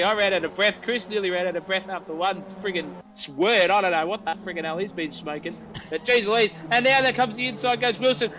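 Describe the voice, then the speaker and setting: A man's voice: high-pitched, poor audio. A man with an Australian accent calling a sim race, colloquial and breathless as the battle heats up. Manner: breathless, colloquial, shouting over the action. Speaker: race commentator. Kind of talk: excitable sim racing commentary.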